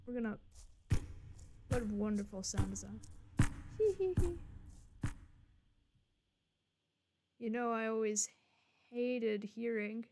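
A woman's voice: on the high side, flat delivery, moderate pace, long pauses, a little mellow, slight background noise. A young woman streaming a game live, chatting and swearing casually to her viewers as she plays. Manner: swearing, chatty, joking to chat.

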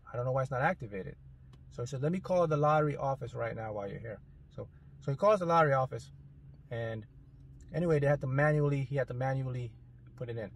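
A man tells a long personal story in an easygoing, rambling monologue. His voice is husky and sits at a middle pitch. He keeps acting out snatches of dialogue and correcting himself mid-sentence. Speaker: manifestation mentor.

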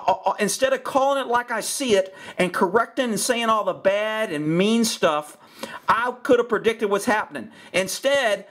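A man's voice: high-pitched, a bit bright. A middle-aged man, a horse trainer, giving blunt, sarcastic commentary on a training video. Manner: blunt, sarcastic, repeats himself.

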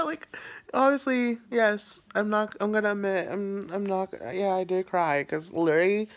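A man's voice: high voice, lively intonation, unhurried, fairly bright tone. A young man talking casually to camera in a vlog, rambling and full of fillers, often laughing at himself. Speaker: vlogger. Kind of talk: casual emotional vlog talk.

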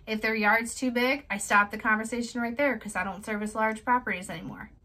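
Bright-voiced woman, chatty and direct. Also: on the high side, steady tone, fairly quick, rough recording. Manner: direct, chatty, plain-spoken. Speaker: small business owner giving tips. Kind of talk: casual how-to vlog.

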